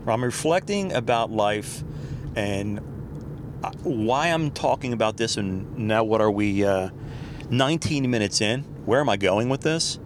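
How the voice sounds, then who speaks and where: A man's voice: on the low side, animated, unhurried. A middle-aged man hosting a podcast, rambling casually and laughing at himself while driving in traffic. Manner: chatty, wandering, laughs at himself. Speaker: podcast host. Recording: car road noise behind voice.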